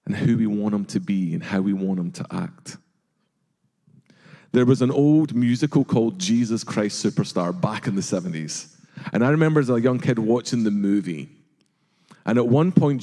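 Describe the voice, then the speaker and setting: A man's voice: fairly low pitch, mellow. A middle-aged man preaching a sermon as a pastor, earnest and questioning, sometimes acting out voices. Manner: earnest, rhetorical questions, acts out quoted voices. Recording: long reverb of a large hall.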